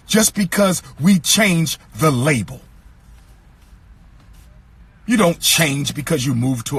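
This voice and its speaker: A man giving an impassioned lecture to an audience, with a preacher-like cadence, repeating lines for emphasis and rising to shouts. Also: on the high side, breathy edge, dry recording.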